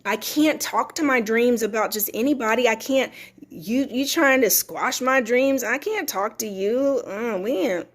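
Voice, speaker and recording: A woman giving an emphatic, preachy motivational talk to her viewers, repeating her phrases for effect. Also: on the high side. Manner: reads viewer comments aloud. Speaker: motivational host.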